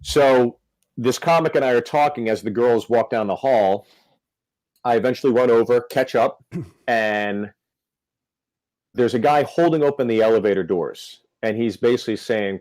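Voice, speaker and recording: A man's voice: mid-range voice, normal speed, a little mellow, no echo, rough recording. A male comedian telling a story on a podcast, acting out the quotes. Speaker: comedian guest.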